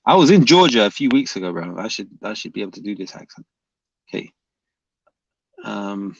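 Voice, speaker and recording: A man on a live stream reads viewer comments aloud and argues back at them, pressing his questions again and again. His voice is gravelly with some fry, and the sound is dry and a little dull, as if from a lo-fi mic. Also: fairly low pitch, fairly quick, pauses often, no echo. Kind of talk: live comment-reading debate.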